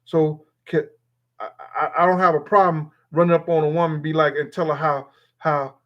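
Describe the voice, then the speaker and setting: A man's voice: a little high, level tone, a little fast, muffled recording. A man hosting a live stream, reading viewers' comments aloud and answering them in a loose, profane, rambling way. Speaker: livestream host reading chat. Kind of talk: casual live-stream chat.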